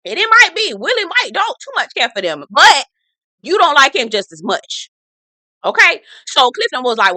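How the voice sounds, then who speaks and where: A woman's voice: a little high, very animated, normal speed, pushed and bright, dry recording. A woman hosting a casual reality TV recap, talking in a blunt, sassy, profane way.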